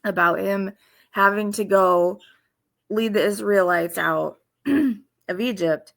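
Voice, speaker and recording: A woman giving informal devotional teaching in an earnest, halting way, with pauses and restarts. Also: mid-range voice, gravelly. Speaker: faith video host.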